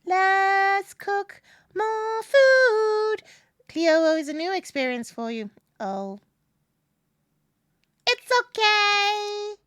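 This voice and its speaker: A woman's voice: very high-pitched, expressive, very slow, pauses often, fairly bright tone, no echo, studio quality, pitched above the performer's own voice, full character voice. A woman voicing a small cranky owl that sounds like a puppet, grumbling through game commentary. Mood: grumpy. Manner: grumbling, chatty commentary to chat. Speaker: streamer.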